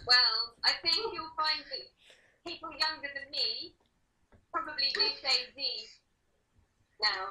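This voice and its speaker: A woman's voice: sits high, slow pace, pauses often, sharp tone, echoey room, far from the mic, a little hiss or hum, poor audio. Dry-humored woman from the UK, off-mic. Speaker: guest co-host. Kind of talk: casual chat.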